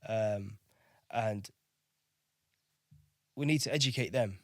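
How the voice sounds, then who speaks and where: Blunt, swearing ex-sailor, dry mic. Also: male voice, lowish voice, takes it slowly, fairly bright tone, no room sound. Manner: blunt, swears freely, keeps asking "do you know what I mean". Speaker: podcast guest, navy veteran. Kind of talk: candid storytelling with profanity.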